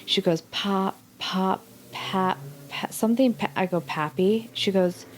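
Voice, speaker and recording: A middle-aged woman telling a personal story in casual chat, animated, acting out the voices of people she quotes. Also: medium pitch, measured pace, slight background noise. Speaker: guest.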